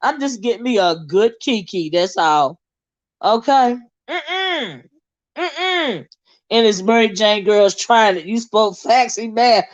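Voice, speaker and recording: A woman's voice: a little high, expressive. Chatty woman host on a dull lo-fi stream. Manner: chatty, laughing, drawn-out asides. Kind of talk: casual livestream gossip commentary, reading viewer comments. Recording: dull lo-fi sound.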